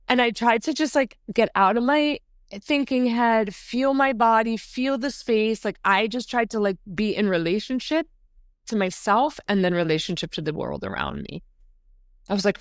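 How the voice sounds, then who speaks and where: A middle-aged woman, a podcast guest, telling a story in a casual, animated way, often saying "like" and jumping high when she acts out quotes. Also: normal speed, no echo, studio quality. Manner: animated, says "like" often, jumps to high pitch acting out quotes.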